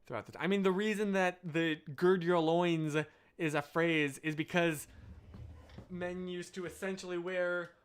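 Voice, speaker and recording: A man's voice: sits high, steady tone, measured pace, smooth. A young American man hosting a live stream, chatting casually with viewers and wandering off on tangents. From United States. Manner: rambling, self-interrupting, apologetic asides. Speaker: livestream host.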